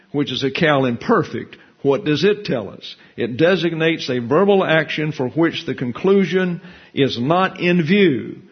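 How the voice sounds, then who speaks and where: A man teaches scripture in a slightly husky voice, working through Hebrew grammar one term at a time. He reads verses and book quotations aloud in a measured, explanatory way. The recording sounds dull and lo-fi. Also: fairly high pitch. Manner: methodical, explains Hebrew grammar terms step by step. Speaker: Bible teacher. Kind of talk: expository Bible lesson.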